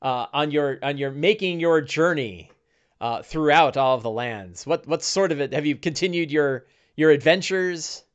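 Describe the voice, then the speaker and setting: Acting as game master, a man narrates a tabletop game, rambling with frequent fillers and many restarts. His voice is fairly high-pitched at normal speed, and the sound is lo-fi.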